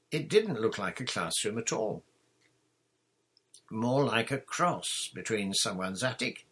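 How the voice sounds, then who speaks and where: A man narrating an audiobook in a measured, expressive reading. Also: medium pitch, breathy edge.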